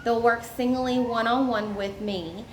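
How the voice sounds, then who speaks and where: A young woman walks through a classroom lesson plan slowly, filling her pauses with ums as she explains each step. Her voice carries a roomy echo with a faint hiss of background noise. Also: on the high side, fairly even intonation. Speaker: education student presenting a lesson plan. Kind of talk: recorded lesson plan presentation. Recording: echoey room with faint noise.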